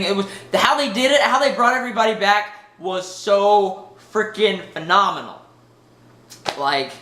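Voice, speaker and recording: A man giving an excited, rambling movie review, full of fillers and restarts. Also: high-pitched, roomy sound.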